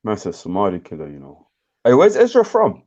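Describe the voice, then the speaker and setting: A man's voice: on the low side, wildly swooping pitch, brisk, darkish tone, lo-fi sound. A man with a Birmingham accent hosting a live stream in a casual, slangy, laid-back chat, often laughing. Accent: Birmingham English. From England.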